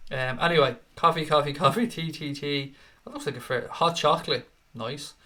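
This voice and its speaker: The middle-aged live stream host speaks on the high side, with a slightly bright tone, while going through what viewers have written. It's a casual show full of swearing, and he's fast to fake outrage and start ranting.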